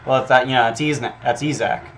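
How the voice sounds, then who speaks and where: A game master's brisk, steady, medium-pitched voice, a bit bright, comes through with a little hiss or hum as he gets ready for a tabletop session. He reads his notes out casually, thinking aloud with plenty of profanity and ums.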